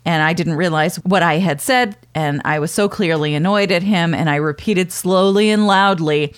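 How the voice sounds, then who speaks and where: Female podcast co-host, chatty mail reader, lower pitch, dry recording. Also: normal speed, clear, resonant tone, no room sound. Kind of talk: casual chat reading listener mail.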